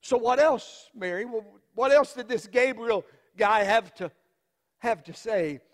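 Man playing Mary's awed, high-voiced father. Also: in a large hall. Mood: awed storytelling. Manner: slow, emphatic, with halting repeats and long pauses. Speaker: storyteller in a biblical monologue. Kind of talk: dramatic first-person monologue.

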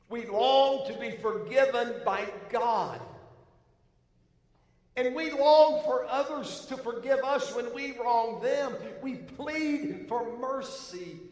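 Man preaching, high lively voice, slow deliberate delivery, big echoing church hall. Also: recorded from a distance. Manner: dramatic, emphatic storytelling with slow deliberate pauses. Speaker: pastor. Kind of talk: sermon. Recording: very echoey hall with long reverb.

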